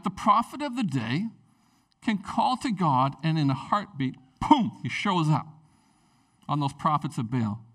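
Excitable, high-voiced preacher man. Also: far from the mic. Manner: excitable, chatty, animated. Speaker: pastor. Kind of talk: casual sermon.

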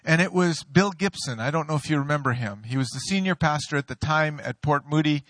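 Lively, bright-voiced male pastor preaching. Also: fairly high pitch, a little fast, no room sound. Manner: storytelling, playful, laughs at own jokes. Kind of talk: sermon.

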